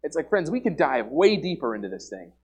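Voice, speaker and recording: A young man preaches to a church congregation with a high voice that swings widely up and down. He talks in an earnest, emphatic way, often repeating words and using "like" as a filler. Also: big pitch swings, brisk, slightly rough. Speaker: lay preacher. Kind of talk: informal sermon. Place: church service before a congregation.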